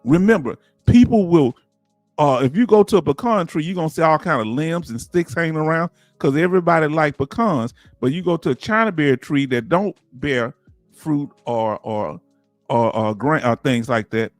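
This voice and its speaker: A man with a Southern US accent hosting a casual livestream, talking in an animated, preachy way and firing off rhetorical questions to his viewers. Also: fairly high pitch, brisk, no echo, clean studio sound, soft background music. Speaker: livestream host.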